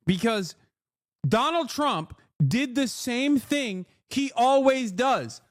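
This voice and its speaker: A man with a strikingly high voice delivers live-stream reaction commentary. He rants with exasperation and the odd curse, sounding close and completely dry. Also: expressive, slow pace, no echo. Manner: emphatic, exasperated ranting with profanity. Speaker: political streamer.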